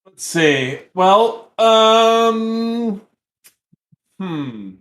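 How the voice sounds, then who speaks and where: A man's voice: high-pitched, expressive, extremely slow, a bit bright. A young man co-hosting a call-in dating show, casual, crude and joking, swearing often. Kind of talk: casual streaming chat.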